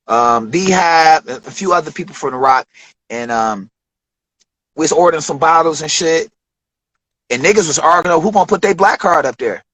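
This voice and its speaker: A man in his forties from Detroit, a rapper telling studio stories in a loose, profane, animated way during an interview. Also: on the high side, no room sound, low-quality recording. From Detroit, USA. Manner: profane, animated storytelling with acted quotes. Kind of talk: casual storytelling interview.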